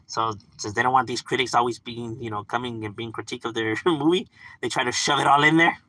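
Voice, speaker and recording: A man chats casually on a live stream, talking back to unseen viewers. His mid-range voice is steady, bright and forceful, and he speaks quickly. He swears freely, laughs often and fills his talk with "like" and "you know"; the audio is poor with no room sound.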